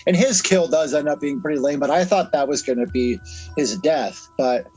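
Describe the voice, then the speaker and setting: A man's voice: a little high, moderate pace, a little mellow, soft background music, low-quality recording. A young man co-hosting a podcast, recapping a horror film in loose, profane chat and laughing often. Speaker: podcast co-host. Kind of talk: casual movie review chat.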